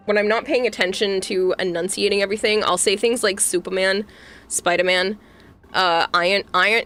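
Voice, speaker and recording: A woman's voice: mid-range voice, bright, forceful tone. A young woman from Massachusetts with a Boston accent, chatting casually with her livestream audience as a VTuber streamer, giggling often. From Massachusetts, USA. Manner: giggly, chatty, reads and answers chat.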